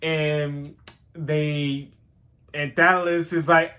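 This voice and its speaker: A man giving a casual, rambling recap of a TV season, animated and excitable and swearing freely. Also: high voice, a little slow. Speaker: show host reviewing a TV series.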